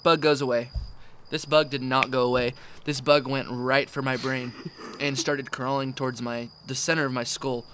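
A man hosting a casual chat outdoors at night, teasing his guest and animated when he retells a story. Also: medium pitch, moderate pace, background noise. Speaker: podcast host. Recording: faint outdoor night ambience with crickets.

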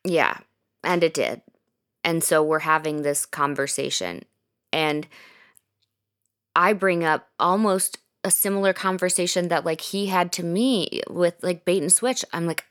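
A woman hosting a podcast, telling a personal story in a casual, animated way, with lots of fillers and swearing. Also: lowish voice, normal speed. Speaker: podcast host.

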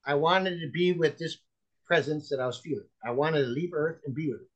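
Earnest man telling his story, slightly high. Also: brisk, muffled recording. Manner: earnest, rambling, with many fillers and restarts. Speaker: guest, chaplain and author. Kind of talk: personal testimony storytelling.

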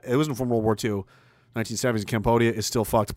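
A man's voice: medium pitch, big pitch swings, fast talker, no room sound, studio quality. A man hosting a livestream, reading out chat messages and ranting bluntly with plenty of profanity. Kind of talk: casual live chat commentary.

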